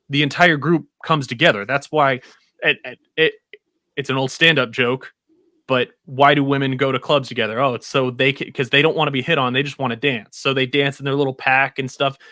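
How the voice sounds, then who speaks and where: A man with a bright, forceful mid-range voice making his point in a rambling, opinionated way, circling back and restarting often. The sound is dry and close, as in a casual podcast chat. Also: mid-range voice, steady tone, fairly quick, no room sound. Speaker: podcast co-host.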